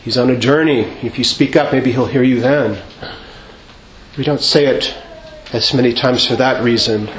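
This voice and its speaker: A man's voice: medium pitch, fairly even intonation, slight background noise. Man preaching a sermon in an echoey church. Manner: measured, rhetorical questions, chants quoted refrains. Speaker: Orthodox priest. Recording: echoey church with faint ambience.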